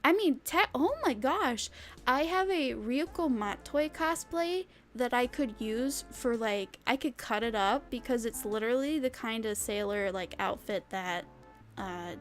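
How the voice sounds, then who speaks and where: A young woman streaming, chatting casually and rambling with lots of fillers and giggles. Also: fairly high pitch. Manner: bubbly, giggly, rambling with many "like"s. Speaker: vtuber streamer. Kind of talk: casual chat with chat readers.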